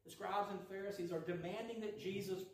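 A man with a fairly high voice preaches in a folksy, chatty way, acting out each character's lines as he tells the story. He is picked up from some distance in a very echoey church hall. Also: a little fast. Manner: folksy and animated, acts out quoted lines. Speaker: preacher teaching a Bible study. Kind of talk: conversational sermon with storytelling.

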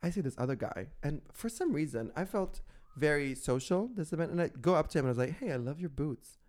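A man's voice: a little high, fast talker. A man with an Irish accent, a podcast co-host telling stories in casual chat and acting out the dialogue. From Ireland. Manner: animated gossipy storytelling, acting out dialogue.

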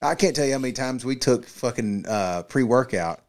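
A man's voice: medium pitch, expressive, a little fast, darkish tone. A man, co-hosting a podcast, telling rambling, profane stories and acting out quotes. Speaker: podcast co-host. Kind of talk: casual chat, storytelling.

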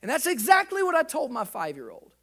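A man in his thirties, a pastor, preaching a sermon with animated delivery and acted-out dialogue. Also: extremely high pitch, brisk.

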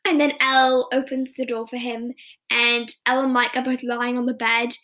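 A woman's voice: fairly high pitch, little pitch movement, moderate pace, pushed and bright. A woman hosting a podcast, recapping scenes in a chatty, rambling way with frequent self-corrections. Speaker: podcast host. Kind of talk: casual episode recap.

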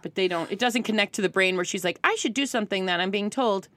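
A woman's voice: medium pitch, quick pace, no echo. A woman in her thirties telling a story in casual chat, acting out the voices of the people in it. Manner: animated storyteller, acts out voices of others.

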